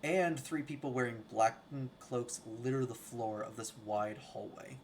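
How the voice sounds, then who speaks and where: A man narrating a tabletop game as game master. His voice sits at a middle pitch. He reads rules and room descriptions and sometimes trips over a word and starts again. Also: unhurried, slight background noise. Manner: reads rules and scene text, stumbles and restarts.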